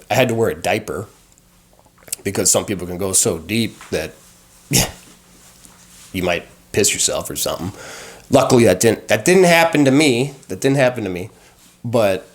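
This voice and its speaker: A man telling a personal story conversationally, animated, with frequent fillers and restarts. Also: deep voice. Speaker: guest sharing recovery experience.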